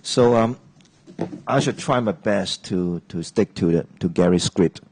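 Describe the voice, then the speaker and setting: A man's voice: low-pitched, measured pace, darkish tone, husky, no room sound, poor audio. A man, a Cantonese speaker, hosting an English lesson hesitantly, with many fillers and restarts. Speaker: host. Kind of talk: casual teaching chat.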